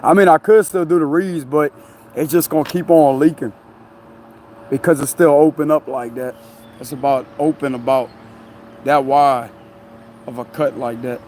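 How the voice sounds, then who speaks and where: A man's voice: on the high side, fairly even intonation, normal speed, pauses often, a little mellow, slight background noise. Rambling man streaming live outdoors. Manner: loose, rambling, laughs often, says "you know what I'm saying". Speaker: tarot reader streaming live. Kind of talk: casual live-stream chat. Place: outdoors near a tree and traffic.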